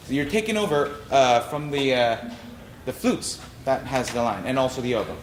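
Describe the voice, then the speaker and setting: A man's voice: on the high side, normal speed, a little hiss or hum. A man conducting an orchestra rehearsal, giving notes and singing rhythms aloud to show the phrasing. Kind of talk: rehearsal instruction. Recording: roomy hall sound, faint music.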